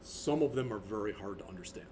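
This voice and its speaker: A man's voice: on the low side, expressive, fast, mellow, slight background noise. A man in his fifties, a college instructor, talking through a recorded lecture in a rambling, conversational way with many restarts.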